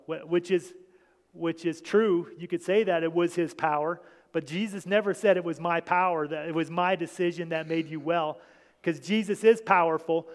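A man preaching an informal sermon, talking to his congregation with many restarts and asides. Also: high-pitched. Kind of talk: informal sermon reading scripture. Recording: long hall reverb.

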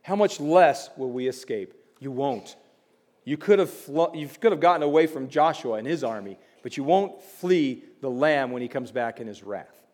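A man preaching a sermon in a conversational way, slipping in quick asides and building to emphatic warnings. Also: medium pitch, expressive, a little mellow. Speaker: pastor.

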